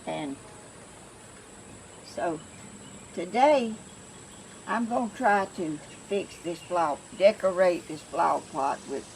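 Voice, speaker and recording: An older woman from Georgia with a flat Southern accent, chatting casually and rambling to her viewers as she shows a crafting project at home. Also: lowish voice, slow pace, vocal fry, long pauses, slight background noise, low-quality recording. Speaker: craft vlogger.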